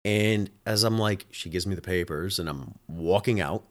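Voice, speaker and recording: A man's voice: deep voice, moderate pace, fairly bright tone. A man hosting his own show, a home health nurse telling a work story in a casual, exasperated way, often swearing.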